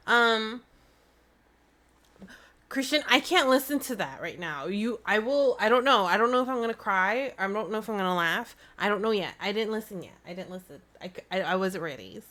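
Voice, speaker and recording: A woman hosting a live stream, chatting in a bubbly, excitable way into a desk mic. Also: mid-range voice. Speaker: livestream host. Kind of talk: casual live-stream chat.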